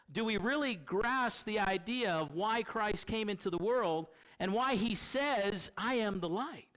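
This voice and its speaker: High-voiced man preaching a storytelling sermon. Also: pushed and bright, rough recording. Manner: storytelling, conversational.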